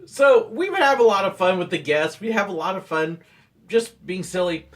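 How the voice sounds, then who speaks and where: A former theme park ride operator tells playful stories from the job in a casual vlog. His voice is animated, and his pitch roams widely as he builds to each punchline. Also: moderate pace. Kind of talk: storytelling vlog narration.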